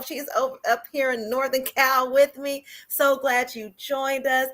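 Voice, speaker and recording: A woman's voice: fairly high pitch, fairly bright tone. A woman hosting a livestream, talking upbeat and greeting viewers in the chat. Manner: upbeat, addressing online viewers. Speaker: livestream host. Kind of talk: livestream interview.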